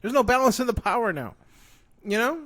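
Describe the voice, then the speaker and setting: A man co-hosting a casual show, ranting excitedly and swearing a lot. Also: extremely high pitch, a little fast. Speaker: podcast co-host. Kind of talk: casual chat.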